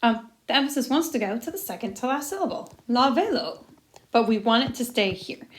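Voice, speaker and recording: A young woman teaches a recorded lesson in a chatty, jokey way. Her voice sits a little high, and she mutters quiet asides to herself as she writes. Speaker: Spanish teacher.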